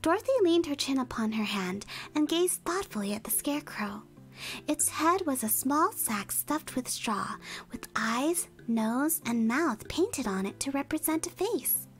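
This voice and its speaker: Brief: playful woman ASMR streamer with a high voice, close-miked, giggling between read passages. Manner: giggly, playful asides to chat. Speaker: streamer reading a storybook. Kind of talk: ASMR storytelling and chat. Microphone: close ASMR mic. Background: soft background music.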